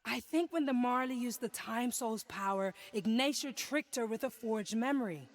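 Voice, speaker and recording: A woman's voice: fairly high pitch, expressive, normal speed, lightly acted. A woman playing a blunt, tough pirate.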